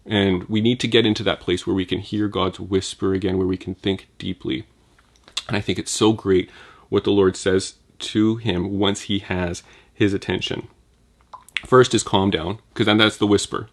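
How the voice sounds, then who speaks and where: Guy with a lowish voice doing a chatty bible talk, lots of "like". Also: little pitch movement, normal speed. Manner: informal, uses "like" a lot. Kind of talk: conversational Bible teaching.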